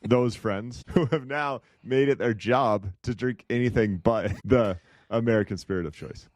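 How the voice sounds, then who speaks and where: A man's voice: mid-range voice, normal speed, a little mellow, no room sound. A man co-hosting a podcast, chatting casually and a little ramblingly about investing, with an occasional chuckle. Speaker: podcast co-host.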